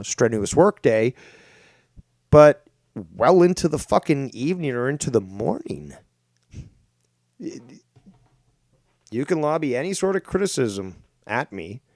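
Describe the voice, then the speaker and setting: A man hosting a livestream talk show in a rambling, profane, animated way. His voice sits in an ordinary middle pitch and sounds dry and close to the mic. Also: a little slow, long pauses, no echo. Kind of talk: casual livestream commentary.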